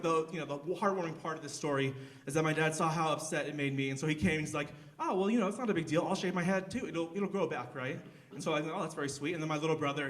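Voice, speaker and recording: On a theater stage, a young male stand-up comedian with a high, slightly bright voice performs a live set. He rambles and pokes fun at himself, full of fillers and restarts.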